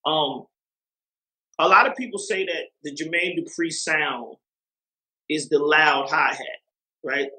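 Guy rambling casually in an interview, lots of um and like, voice a bit high, roomy echo. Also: slow, pauses often, pushed and bright. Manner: rambling, many fillers and restarts. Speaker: music producer guest.

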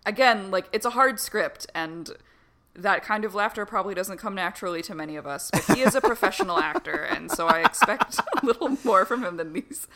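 A woman's voice: mid-range voice, animated, brisk. A woman co-hosting a casual podcast about a film, giggly and hedging. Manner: giggly, hedging, soft-spoken asides. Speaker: podcast co-host.

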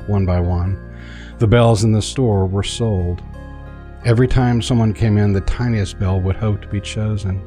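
Low-voiced man reading a bedtime tale. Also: mellow. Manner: sheepish and laughing in the chat. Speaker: storyteller and guest. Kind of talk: storybook reading. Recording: music playing behind.

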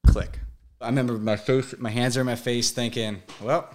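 A man in his twenties, a podcast guest, telling a painful personal story in a halting, emotional way, often repeating words. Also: mid-range voice, steady tone, a little mellow. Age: 20s.

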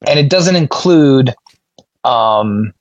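A man co-hosting a casual podcast discussion, talking in a measured, reflective way. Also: medium pitch, expressive, dry recording, dull audio. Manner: measured, reflective, often checking in with "right?". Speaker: podcast co-host.

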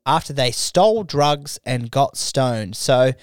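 A man's voice: mid-range voice, lively intonation, takes it slowly, clear, resonant tone, no echo, clean studio sound. A man co-hosting a casual comedy podcast, joking loosely and swearing freely. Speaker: podcast co-host.

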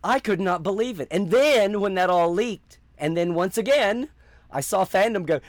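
A man answering interview questions in a casual, animated way, acting out the voices of people he quotes. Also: sits high, brisk. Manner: animated storyteller, acts out quoted reactions. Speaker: interview guest.

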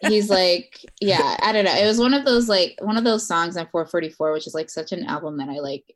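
A woman's voice: fairly low pitch, fairly quick. A woman co-hosting a podcast in casual chat, rambling with lots of filler words. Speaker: podcast co-host.

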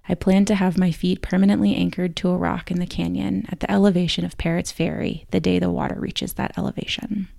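Gravelly woman host, flat and steady, reading scripted documentary narration. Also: on the low side, no room sound, studio quality. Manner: measured storytelling reading. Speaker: podcast host.

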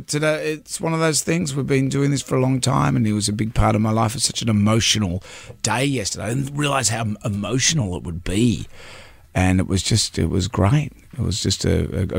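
A middle-aged Australian man hosting breakfast radio, talking in a halting, emotional way with many restarts. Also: fairly low pitch, gravelly, husky, no room sound. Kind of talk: casual on-air chat. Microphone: studio microphone.

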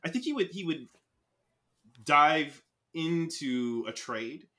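Lively, bright-voiced young man teasing friends. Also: slow. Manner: lively and teasing, swings up in pitch when excited. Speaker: podcast co-host. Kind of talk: casual comedy chat.

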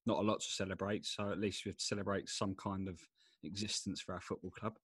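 A man's voice: deep voice, level tone, quick pace, a bit bright, breathy edge, no room sound. A man from England co-hosting a football podcast, chatting casually and hesitantly, often repeating his words. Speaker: podcast co-host. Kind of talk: casual chat.

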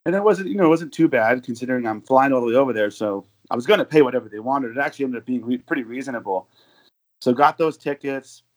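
A man's voice: mid-range voice, expressive, fast. Chatty American guy rambling through stories. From United States. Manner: rambling storyteller with many fillers and restarts. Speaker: guest, overseas football supporter. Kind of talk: casual podcast chat.

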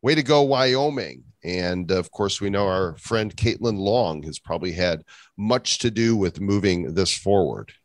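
A man's voice: sits low, lively intonation, unhurried, dry recording. A man hosting a casual crypto news show, reading items with joking asides. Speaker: host.

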